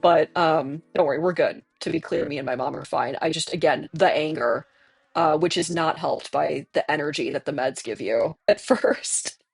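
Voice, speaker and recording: Hoarse, gravelly streamer in their twenties. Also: medium pitch, moderate pace, no room sound, faint music behind. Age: 20s. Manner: candid, chatty, laughs often, answers chat directly. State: hoarse from tonsillitis. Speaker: livestreamer reading chat. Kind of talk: casual chat while streaming a game.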